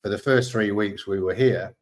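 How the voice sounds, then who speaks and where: Deep-voiced Australian man telling stories. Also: moderate pace. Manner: relaxed, candid, swears freely. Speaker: guest. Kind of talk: casual storytelling chat.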